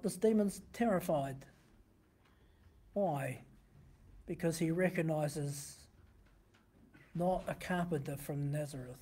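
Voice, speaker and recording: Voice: medium pitch, slow pace, pauses often, warm tone, husky. A pastor giving a sermon, teaching conversationally from a printed text and often asking the listeners rhetorical questions.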